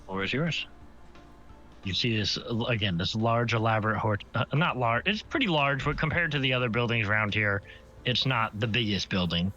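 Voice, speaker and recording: A man's voice: mid-range voice, moderate pace, pushed and bright. A man narrating a tabletop game as game master, describing scenes in detail and often correcting himself mid-sentence. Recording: slightly muffled stream audio, faint music.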